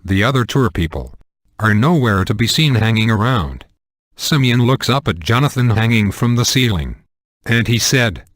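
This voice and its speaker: A man reading an amateur comedic horror story, with a deadpan delivery and crude humor. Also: mid-range voice, moderate pace, no room sound, studio quality. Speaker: narrator.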